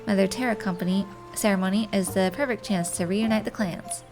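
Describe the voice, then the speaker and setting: A woman's voice: mid-range voice, steady tone, fairly quick, music in the background, close to an everyday voice. A woman reading as an earnest young messenger. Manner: formal, heartfelt speech.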